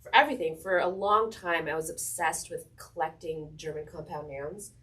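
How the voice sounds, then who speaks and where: A woman's voice: deep voice, steady tone, moderate pace, a bit bright. A woman interviewing a fellow author, asking long, enthusiastic, rambling questions. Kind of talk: casual conversational interview. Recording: voice a bit distant from the mic.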